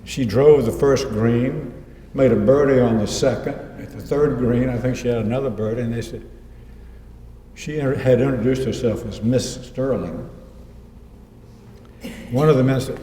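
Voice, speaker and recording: A man's voice: mid-range voice, moderate pace, long pauses, mellow, slight background noise. A man giving an author talk, telling anecdotes and quoting people in his own voice. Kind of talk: lecture with slides. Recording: echoey hall, mic far off.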